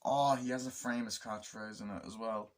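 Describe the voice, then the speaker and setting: A somewhat low-voiced man chats loosely through a movie review. He swears often and keeps slipping into quoted voices to act out the scenes. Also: steady tone, moderate pace. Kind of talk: casual spoken movie review.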